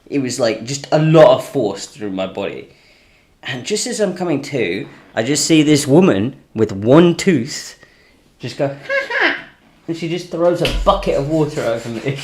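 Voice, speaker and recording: A man recounts a story in a relaxed, chatty way, filling his sentences with small fillers. His pitch moves up and down with lively expression. He speaks at an ordinary mid pitch for a man. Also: normal speed. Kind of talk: casual chat, storytelling.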